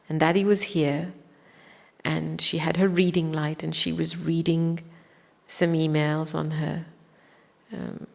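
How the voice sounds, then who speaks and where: A woman spiritual teacher recounts a personal story in a reflective, unhurried way, sinking now and then into a near-whisper. Her voice sits low and sounds husky, and a long hall reverb trails behind her words. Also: darkish tone. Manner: reflective, often dropping to a whisper.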